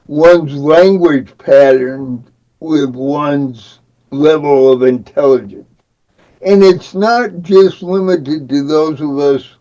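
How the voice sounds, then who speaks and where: Slow, deliberate older Midwestern man. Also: a little high, dark tone, dull audio. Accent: Midwestern American. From American Midwest. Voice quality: speech shaped by cerebral palsy. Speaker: guest, disability advocate. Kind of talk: podcast interview.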